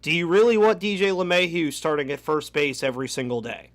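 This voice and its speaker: A man co-hosting a sports podcast, talking in a measured, questioning way. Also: on the high side, animated. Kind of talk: casual sports podcast chat.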